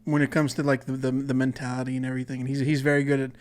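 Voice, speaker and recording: A man's voice: medium pitch, level tone, racing. A man hosting a solo comedy podcast, rambling and profane, often cutting himself off mid-thought. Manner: rambling, profane, self-interrupting. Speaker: podcast host.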